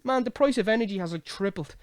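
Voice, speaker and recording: A young Irish man hosting a casual late-night podcast, ranting in an animated, sweary way. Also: sits high, quick pace, no echo. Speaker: podcast host.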